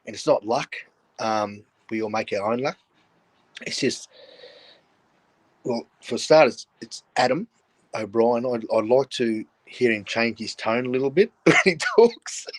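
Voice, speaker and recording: A man's voice: medium pitch, animated, a little slow, pauses often, dry recording. An older Australian man spins yarns in a blunt, blokey way and keeps breaking into laughter. His voice sits mid-range and sounds dry and close, with no room around it. He joins the chat over a video call. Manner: laughs often while telling stories, blokey and frank. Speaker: guest, former rugby league player. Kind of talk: casual storytelling chat.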